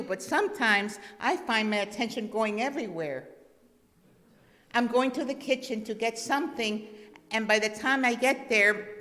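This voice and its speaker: A woman minister preaches at a slow, gentle pace and comes back to her key words again and again. Her voice carries a long reverb, as if it fills a big church hall. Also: mid-range voice. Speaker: guest minister. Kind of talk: sermon.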